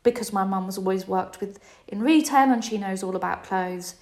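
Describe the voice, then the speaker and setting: A woman's voice: mid-range voice, normal speed, a little mellow. A woman in her forties, host of a podcast, telling a personal story in a candid, emotional, confessional way. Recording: roomy echo.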